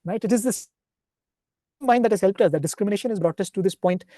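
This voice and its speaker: A man giving a devotional talk, retelling stories in an unhurried, explanatory way and often checking in with a questioning "right?". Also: high-pitched, dark tone, no room sound, clean studio sound. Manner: ends points with a questioning "right?". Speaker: spiritual speaker.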